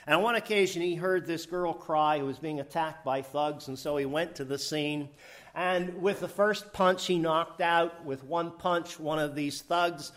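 Lively, laughing man preaching a sermon. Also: unhurried. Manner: lively, laughing, rising to emphatic high bursts.

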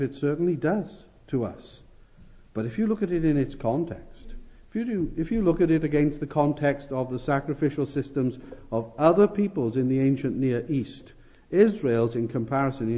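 A man's voice: mid-range voice, dull audio. A man preaching an expository sermon, earnest and emphatic, often repeating phrases and restarting lines.

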